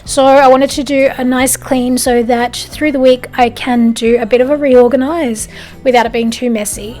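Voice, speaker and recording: A woman's voice: sits high, fairly even intonation, moderate pace, darkish tone. Chatty Australian woman narrating her vlog. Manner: chatty and conversational, with a light amused tone. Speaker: home and lifestyle vlogger. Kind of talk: casual voice-over narration.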